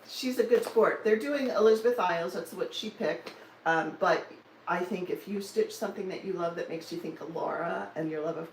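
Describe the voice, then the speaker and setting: A woman's voice: medium pitch, a little hiss or hum. Woman in her sixties, casual live-stream chat, teasing and laughing, echoey room, a little off-mic. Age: 60s. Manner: chatty, teasing, laughs often. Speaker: cross-stitch vlogger. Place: home in Denver. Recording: roomy, slightly distant mic with faint ambience.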